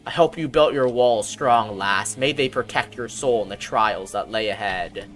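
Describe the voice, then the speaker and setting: A woman reading out a stern female orc warrior's lines in a plain, measured way, with little change from her own voice. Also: extremely low pitch, faint music behind, voice pushed down. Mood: solemn.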